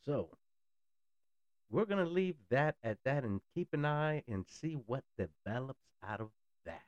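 A man's voice: medium pitch, animated, unhurried, dry recording, muffled recording. A man in a blunt, sarcastic ranting monologue who swears freely. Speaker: political commentator.

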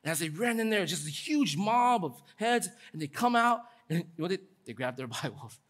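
A man pastor delivering a sermon in a lively, conversational way, acting out quotes with casual asides. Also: high voice, normal speed.

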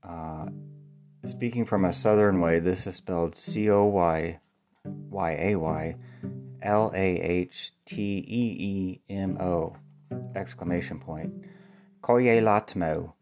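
A man's voice: low-pitched, fairly even intonation, slow, darkish tone, soft background music. A man, a playwright, talking casually about his play, thinking aloud with ums and spelling words out letter by letter. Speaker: playwright and podcast host. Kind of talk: casual spoken monologue.

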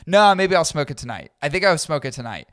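A man's voice: fairly high pitch, very animated, quick pace, fairly bright tone, no echo, clean studio sound. A man co-hosting a podcast in casual chat, blunt and profane, mocking people by putting on silly voices. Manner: blunt, swearing, mocks people in put-on voices. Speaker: podcast co-host.

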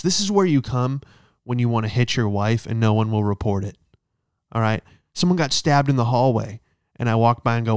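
A man's voice: medium pitch, darkish tone, clear, resonant tone, no room sound, studio quality. A man ranting in a brash stand-up style, profane and punchy, often checking in with "all right?" and recorded in a hotel room. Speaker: comedian.

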